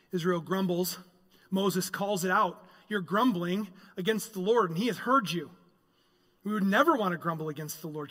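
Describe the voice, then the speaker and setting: Animated pastor preaching in a reverberant church. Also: male voice, sits high. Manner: animated, swings between loud emphasis and quiet reflection. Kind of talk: sermon. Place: church sanctuary.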